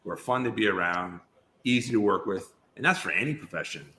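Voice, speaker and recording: His voice sits on the low side, brisk, pushed and bright. A guest actor on a podcast, he chats casually in an interview, telling long stories that wander and restart many times.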